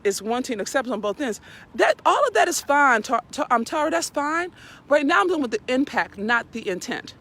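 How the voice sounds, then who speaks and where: A woman hosting a casual live stream, talking bluntly and preachily with lots of swearing while walking her dog outdoors. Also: mid-range voice. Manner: blunt, profane, preachy and animated. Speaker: live video host.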